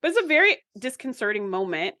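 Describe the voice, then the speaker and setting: A woman's voice: mid-range voice, fast, dry recording, clean studio sound. A woman co-hosting a podcast, recapping an episode in casual chat and acting out the characters' lines as she tells it. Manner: lively storyteller who acts out characters' lines. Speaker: podcast co-host.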